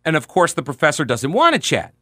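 A man's voice: fairly high pitch, wildly swooping pitch, a little fast, bright, forceful tone, no room sound, clean studio sound. A man hosting a radio talk show, recounting a story in an emphatic, conversational way.

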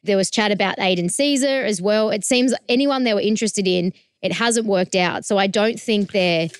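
A woman's voice: medium pitch, normal speed, clean tone, no room sound, studio quality. Upbeat woman hosting sports talk. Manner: upbeat, steers topics with questions. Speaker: show host. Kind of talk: casual sports chat.

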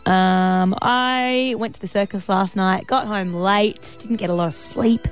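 A woman's voice: medium pitch, clean tone, faint music behind. Chatty woman radio host. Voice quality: chatty and bubbly, quick laughs. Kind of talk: casual radio chat. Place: radio studio. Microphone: studio mic.

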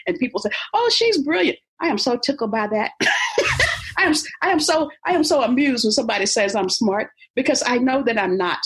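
Husky-voiced woman, emphatic and preacherly. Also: fairly high pitch, animated, fairly quick, a bit bright. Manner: emphatic, preacherly, laughs easily. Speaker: faith-based motivational speaker and author. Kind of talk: interview conversation.

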